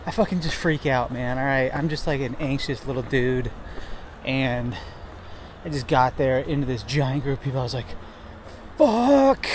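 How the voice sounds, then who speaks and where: A man's voice: medium pitch, slight background noise. A young man recording a casual trail diary outdoors by a river, rambling and self-deprecating, with lots of swearing and fillers. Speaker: thru-hiker vlogger. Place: outdoors by a river near a town.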